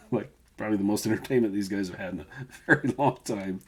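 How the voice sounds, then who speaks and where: Male game master, low-pitched and giggly, running a tabletop scene. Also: fairly quick, a crowd in the background. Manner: laughs often, lively narration.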